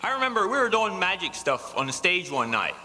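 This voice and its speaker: A man spins a folksy tall tale in a live stage comedy routine and chuckles at his own punchlines. His voice is very bright and lively in pitch. It carries a long hall echo from the live show. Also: fairly quick. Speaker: comic storyteller on stage.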